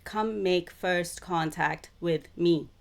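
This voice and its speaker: Slow, low-voiced woman channeler. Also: gravelly. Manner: slow, repetitive, deliberate phrasing. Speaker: self-described psychic channeler. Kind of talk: spiritual monologue to camera.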